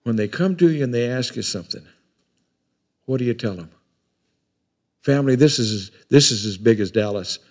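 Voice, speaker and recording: A man's voice: medium pitch, lively intonation, normal speed, pauses often, a little mellow. An older man with a drawl delivers a sermon. His talk is homespun and rambling. He often repeats words as he works his way toward a point. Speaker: preacher.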